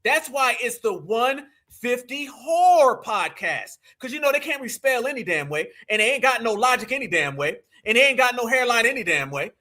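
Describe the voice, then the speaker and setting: High, bright, shouting male host. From United States. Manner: loud, mocking, often shouting. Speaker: commentary show host. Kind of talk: live commentary rant.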